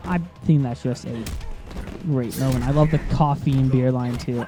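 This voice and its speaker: A gaming commentator with a medium-pitched, slightly fast male voice casually talks over a video game he's playing. His let's play commentary rambles through tangents, packed with fillers and frequent laughs, with faint game music behind.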